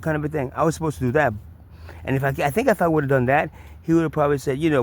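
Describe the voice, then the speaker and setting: A man's voice: a little high, very fast. Rambling New York man telling a story. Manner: rambling, many restarts and repeats, profane. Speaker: vlogger. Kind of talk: casual storytelling.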